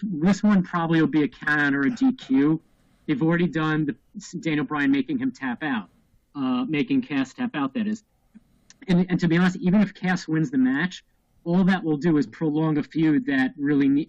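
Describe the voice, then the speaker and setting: A man in his thirties on a casual podcast panel, talking in a measured, reflective way with some restarts. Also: fairly high pitch, no room sound, dull audio. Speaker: podcast co-host.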